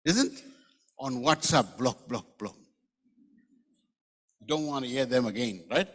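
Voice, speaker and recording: A man preaching in a church hall, his mid-pitched voice carrying a long trailing reverb. He talks like a rambling, joking storyteller and then reads scripture aloud. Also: animated, slow pace. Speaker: pastor. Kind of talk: conversational sermon with humorous asides.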